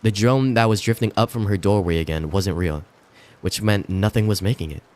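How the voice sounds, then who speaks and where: A man's voice: fairly low pitch, fairly quick, darkish tone. A man streaming himself reading scary stories aloud, with the odd slip and self-correction.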